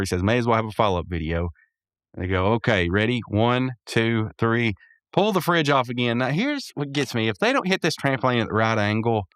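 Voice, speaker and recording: Casual male podcast host recapping episodes, smooth resonant voice, dry close recording, meandering and chuckly. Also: lowish voice, fairly bright tone, no room sound. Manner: rambling, self-correcting, laughs often.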